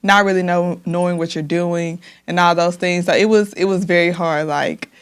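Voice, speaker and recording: A woman's voice: lowish voice, steady tone, normal speed, clear, resonant tone. Young woman telling her story candidly. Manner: emotional, heartfelt, frequent "like" fillers. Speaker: podcast guest, hairstylist.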